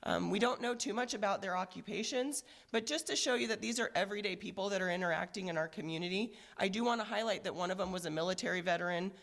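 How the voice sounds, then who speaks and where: Hoarse, gravelly-voiced woman police commander, earnest press briefing, halting with fillers. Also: medium pitch, a bit bright. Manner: measured, earnest, with frequent fillers. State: hoarse, recovering from illness. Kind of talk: press conference statement.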